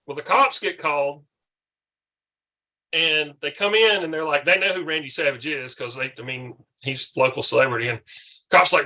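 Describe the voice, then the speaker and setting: A man's voice: fairly high pitch, normal speed. A man, hosting a casual drinking chat and telling a rowdy story with lots of swearing. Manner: animated storyteller, swearing freely. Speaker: podcast host.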